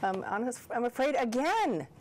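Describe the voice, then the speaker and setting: A woman hosting a talk show, soft-spoken and hesitant, often repeating words as she asks questions. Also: fairly high pitch, sing-song, normal speed, background noise. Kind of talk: interview conversation.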